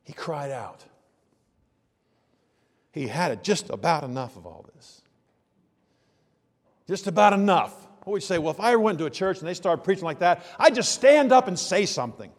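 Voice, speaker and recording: A man's voice: sits high, very animated, moderate pace, pauses often, big-room sound. A man preaching a sermon in a conversational way, asking many rhetorical questions and building to emphatic bursts. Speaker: pastor.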